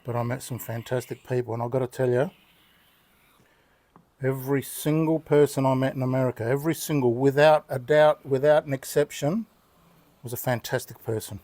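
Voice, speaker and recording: An older man with an Australian accent chats in an easygoing, rambling way, full of good humour. His voice is mellow and dark, with a relaxed, unhurried delivery as he explains his work. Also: medium pitch, no echo. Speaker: knife sharpening channel host. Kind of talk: casual talk while demonstrating.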